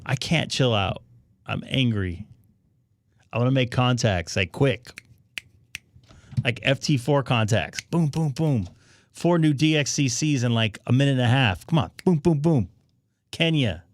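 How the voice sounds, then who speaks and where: A man hosting a casual live stream about amateur radio, chatting to viewers while he troubleshoots his setup out loud. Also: medium pitch, animated, unhurried, pauses often, no echo.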